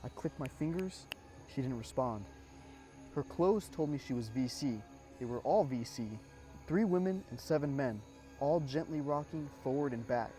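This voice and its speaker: A man narrating a first-person horror story in a measured, suspenseful way, dropping casual asides. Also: medium pitch, lively intonation, warm tone, faint music behind.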